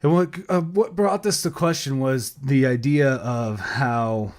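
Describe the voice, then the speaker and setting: A man's voice: medium pitch, measured pace. A sleep-deprived man co-hosting a podcast by himself, rambling casually, losing his thread and laughing at himself. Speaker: podcast co-host.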